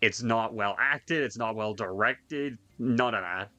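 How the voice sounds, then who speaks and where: A man hosting a casual chat with friends, excitable and swearing, laughing often. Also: fairly low pitch, measured pace, no room sound. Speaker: host.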